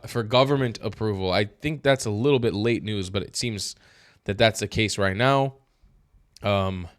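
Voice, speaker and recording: A man hosting opinionated political commentary, cursing freely and swinging from flat asides to loud, exasperated outbursts. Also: lowish voice, dry recording, studio quality.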